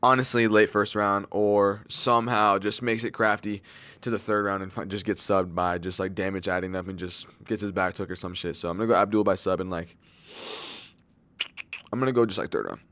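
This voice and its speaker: A young man talks through fight predictions in a relaxed, rambling way, dropping slang, fillers and curses. His voice sits on the low side and comes across smooth and clear. The sound is close and dry, with no room echo. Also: brisk. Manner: loose and slangy, full of fillers and swearing. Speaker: MMA fight predictions channel host. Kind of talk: casual rambling commentary.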